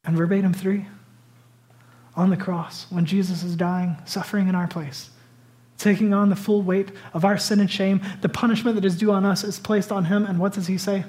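This sermon comes from a pastor whose voice sits high and whose delivery is flat, moving at a moderate pace. He recounts stories with drama, veering from loud bursts down to hushed whispers.

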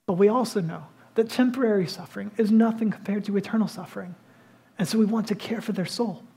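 A man preaching a sermon, conversational and animated, often dropping to a hush for emphasis. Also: high voice, fast, creaky, slightly rough. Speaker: pastor.

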